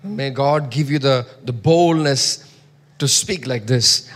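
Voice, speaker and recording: A man preaching a sermon, reading scripture loudly and dropping to soft asides. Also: medium pitch, slow pace, big-room sound. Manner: emphatic, swings between soft asides and loud scripture reading.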